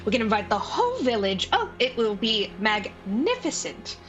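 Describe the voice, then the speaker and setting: A woman's voice: on the high side, big pitch swings, moderate pace, a bit bright, lo-fi sound, soft background music. A woman voicing a fussy, effusive man who is planning a wedding, in a tabletop game. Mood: gushing. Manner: effusive, flowery.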